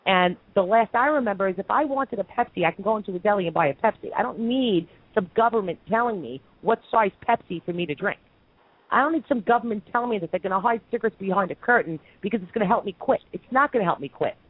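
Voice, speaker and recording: A woman's voice: mid-range voice, lively intonation, fast talker, husky, dry recording, narrow, tinny audio. A woman from Brooklyn hosting a call-in radio show, ranting with heated opinions. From Brooklyn, New York.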